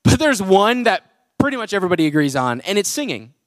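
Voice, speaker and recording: High-voiced young male pastor, chatty. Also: sing-song, quick pace, fairly bright tone, no echo, studio quality. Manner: chatty, jokey, full of "like" fillers. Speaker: pastor and worship leader. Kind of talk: casual conversational sermon. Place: church auditorium with a congregation.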